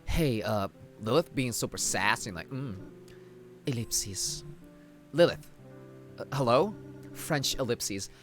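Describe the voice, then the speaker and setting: A man's voice: mid-range voice, lively intonation, measured pace, faint music behind. A young man streaming a video game, chatting casually and rambling in a joking way while reading the game's dialogue aloud. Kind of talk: casual live-stream commentary.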